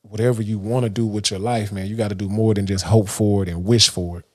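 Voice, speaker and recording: A man's voice: on the low side, fairly even intonation, quick pace. A man from Dallas, hosting a livestream and talking through a loose, rambling motivational monologue. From Dallas, Texas. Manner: loose and rambling, many restarts and fillers. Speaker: livestream host.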